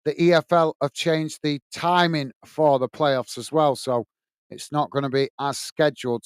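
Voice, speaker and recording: A middle-aged man hosts a live football watch-along, calling the action and chatting with viewers as he reads their comments aloud. His voice sits a little high with a clean tone, and the recording is clean studio sound with no echo.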